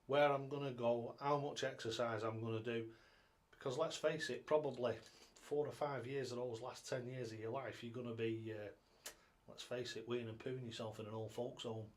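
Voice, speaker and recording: A man hosting a casual live stream, rambling along in a chatty way and greeting viewers by name, recorded on a tablet at home. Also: mid-range voice. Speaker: live-stream host and darts coach.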